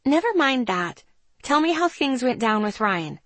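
A woman's voice: high voice, big pitch swings, measured pace, no echo, voice pushed up, full character voice. A woman voicing a nosy, chatty teenage best friend who asks eager, prying questions.

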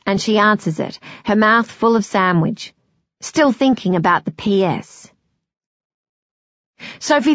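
A woman narrating a novel in a measured, expressive storytelling voice. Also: on the low side, no echo, studio quality. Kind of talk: scripted audiobook narration.

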